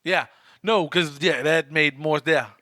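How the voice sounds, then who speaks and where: A man's voice: a little high, measured pace, pushed and bright, no echo, clean studio sound. A man co-hosting a podcast, casually recapping a film, agreeing often and quoting lines in offhand voices. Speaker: podcast co-host.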